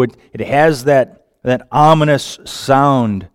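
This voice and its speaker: A man preaching a sermon with passion, moving from quiet, reflective lines to sudden wailing cries. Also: mid-range voice, measured pace, hardly any pauses, smooth, no echo, studio quality.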